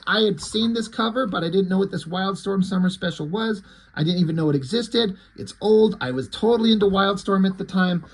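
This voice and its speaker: Husky, excitable man reviewing comics. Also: a little high, low-quality recording. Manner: enthusiastic, profane, rambling. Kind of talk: casual review vlog.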